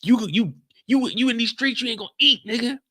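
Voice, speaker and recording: A man voicing a high-strung, emotional young man who talks in a high, whiny, yelling voice. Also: a little fast, no room sound, full character voice. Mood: heated.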